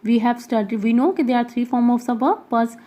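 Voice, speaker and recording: A woman's voice: fairly high pitch, fast talker, mellow. A woman with an Indian English accent, teaching an English grammar lesson as she works through exercises aloud and explains each answer step by step. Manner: explains step by step, with frequent checking asides.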